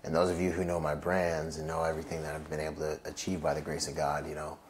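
A man's voice: a bass voice, completely flat delivery, quick pace, a little hiss or hum. A male Marine veteran telling a personal story in a loose, casual way, filling his talk with "like" and "you know" and acting out the voices of people in it. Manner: acts out quoted voices in his stories.

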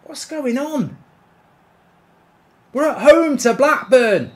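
A man commentating live as he plays a football video game, ranting and swearing loudly at it. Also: very high-pitched, lively intonation, slow. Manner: loud swearing rants at the game. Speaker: football gaming streamer.

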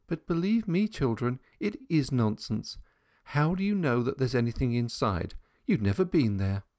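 A man's voice: medium pitch, big pitch swings, normal speed, darkish tone, no echo, clean studio sound, pitched above the performer's own voice, lightly acted. A man voicing a logical, impatient young governess in an audiobook, asking firm questions. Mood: stern.

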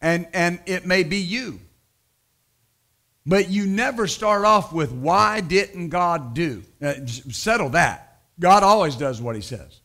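High bright-voiced emphatic preacher man. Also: expressive, measured pace. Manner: emphatic preaching, swings from loud to quiet storytelling. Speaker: pastor. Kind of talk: sermon.

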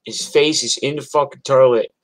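A man's voice: medium pitch, steady tone, normal speed, rough recording. An older man from New York telling a personal story in a casual, rambling, profane way, with many restarts.

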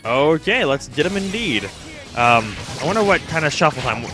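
A man's voice: fairly high pitch, sing-song, normal speed, music in the background. A young man chatting casually over his gameplay in a self-mocking way, often talking straight to the game's characters. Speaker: let's play commentator.

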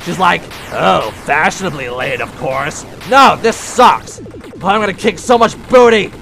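A man's voice: sits high, measured pace, gravelly, faint music behind, exaggerated voice. A man voicing a brash male animatronic pirate fox, playing a game in pirate talk and losing his temper. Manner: pirate talk, hot-tempered, loud outbursts. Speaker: let's play gamer in character.

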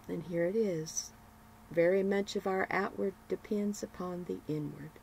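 A woman reading a morning devotional as a sermon, with measured phrasing and emphatic repetitions. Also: lowish voice, gravelly, a little mellow, slight background noise, poor audio. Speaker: devotional broadcaster.

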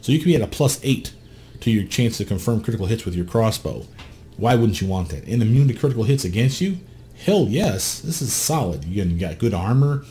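With a lowish, dark-toned voice and a bit of hiss or hum in the background, this man hosts a gameplay guide on a character build. He talks casually and bluntly, swearing freely and asking the viewer questions.

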